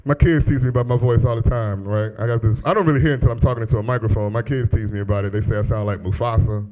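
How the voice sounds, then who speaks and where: A man in his thirties with a deep voice, doing a profane, animated stand-up comedy set on a club stage into a handheld mic. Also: rapid-fire, poor audio. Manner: profane, animated storytelling with exaggerated quoted voices.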